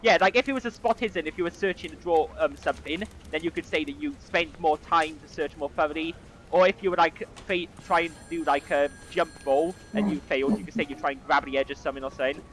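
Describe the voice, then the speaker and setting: A man's voice: fairly high pitch, fast, fairly bright tone, a little hiss or hum. A man running a tabletop horror game as game master, rambling with frequent ums and restarts. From outside America.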